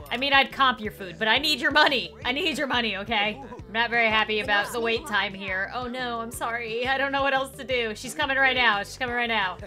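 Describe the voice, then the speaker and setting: Bright, animated woman gaming host. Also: mid-range voice. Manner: excitable, playful, quick reactions. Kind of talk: let's play commentary. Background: faint game music.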